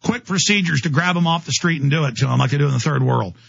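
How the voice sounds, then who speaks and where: A man's voice: on the high side, fast talker, creaky, fairly bright tone, slightly rough, no echo, lo-fi sound. A man hosting a talk radio show, delivering an impassioned, ranting monologue straight to his listeners.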